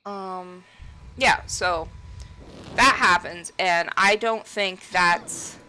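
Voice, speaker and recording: A woman's voice: fairly low pitch, very slow, bright, forceful tone, slight background noise, poor audio. A woman gaming creator casually ranting and laughing over gameplay, rambling and swearing freely.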